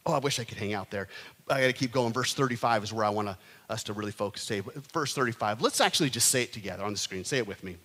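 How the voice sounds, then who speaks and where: A middle-aged male pastor preaching a sermon to his congregation, animated, rising to loud emphatic peaks. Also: lowish voice, fast talker. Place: church sanctuary. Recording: long hall reverb.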